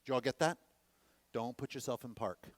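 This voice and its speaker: Animated man teaching a dance class. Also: medium pitch, fairly quick. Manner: animated, checks in with the class often. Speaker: dance instructor. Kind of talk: teaching a workshop.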